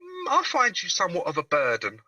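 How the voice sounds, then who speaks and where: A man's voice: high-pitched, wildly swooping pitch, brisk, pushed and bright, no room sound, far from the mic, low-quality recording. A man from England, a guest on a video call bantering cheekily with some swearing. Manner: cheeky, swearing, self-mocking. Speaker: guest caller.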